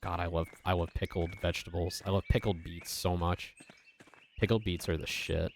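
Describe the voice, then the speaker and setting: Deep-voiced guy streaming a game, chatty, curses a lot, little bit of hiss behind. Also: fairly even intonation, normal speed, long pauses. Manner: chatty, swears freely. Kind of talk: casual gaming commentary.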